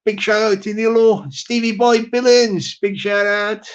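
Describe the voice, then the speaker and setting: Southwest english bloke on a live stream, chatty, rambly, keeps repeating himself, laughs a lot doing shout-outs. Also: male voice, high-pitched, level tone, unhurried, clear, resonant tone, lo-fi sound. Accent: Southwest England. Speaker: livestream host.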